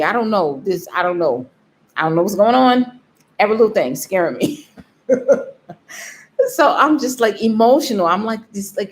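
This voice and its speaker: A woman vlogger telling a story in a casual way, laughing often and acting out what she told herself. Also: mid-range voice. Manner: animated, laughs often, acts out her own inner voice.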